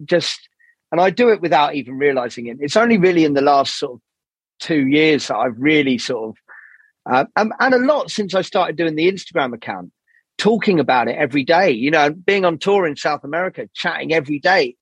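A man's voice: fairly high pitch, a little fast, husky, no echo. A man talking as a podcast guest in a candid, rambling way, swearing often. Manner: swears freely, animated rambling storytelling. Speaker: jazz saxophonist, podcast guest.

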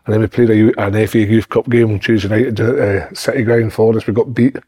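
A man's voice: fairly low pitch, steady tone, brisk, mellow, husky. A middle-aged Scottish man, a podcast host, telling blunt, sweary stories in casual chat. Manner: swears freely, tells blunt anecdotes.

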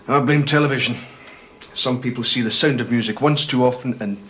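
Old TV drama: actor as a wry, dry-witted man, bright forceful voice. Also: medium pitch, brisk, slight background noise, natural voice.

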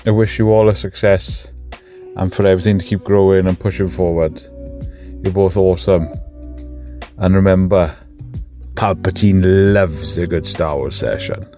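Deep-voiced man with a warm tone. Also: steady tone, moderate pace, soft background music. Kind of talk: recorded congratulation message.

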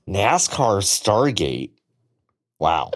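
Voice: deep voice, very animated, extremely slow. A podcast co-host in casual chat who laughs often, swears, and drops short reactions.

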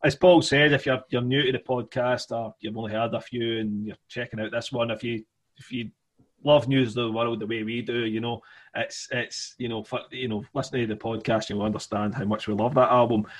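A man's voice: mid-range voice, fairly even intonation, a little fast. A man with a Scottish accent co-hosting a podcast in casual chat, rambling with lots of "you know" fillers. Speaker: podcast co-host.

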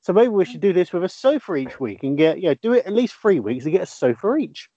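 A man's voice: high-pitched, very animated, fast, dark tone, no room sound. A man co-hosting a podcast, slipping in dry, wry quips. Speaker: podcast co-host. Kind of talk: casual chat. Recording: dull lo-fi podcast audio.

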